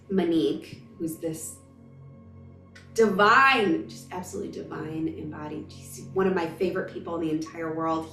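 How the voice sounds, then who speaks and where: A woman's voice: low-pitched, reverberant, far from the mic. A woman in her thirties, a spiritual vlogger, telling a personal story in an emotional, emphatic, gushing way.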